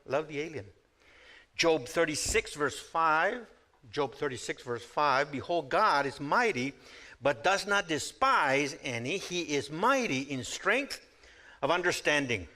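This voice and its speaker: A middle-aged or older man giving a teaching sermon with scripture readings, chatty, and acting out quotes in animated voices. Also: fairly high pitch. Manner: conversational, acts out quotes in lively voices. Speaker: Bible teacher.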